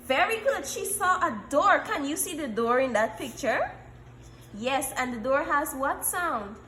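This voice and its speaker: High, lively woman teaching a class. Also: roomy sound, a little hiss or hum. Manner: encouraging, repeats letter sounds slowly. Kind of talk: classroom phonics lesson.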